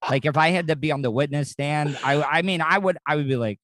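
A man's voice: on the high side, fast talker, very noisy. A man hosting a podcast, teasing his co-host with needling questions in a casual chat.

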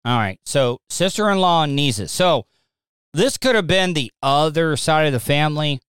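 A man's voice: on the high side, expressive, moderate pace, a bit bright, clear, resonant tone, no room sound, clean studio sound. A man reacting to a news clip in casual commentary, blunt and mocking. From Southern United States.

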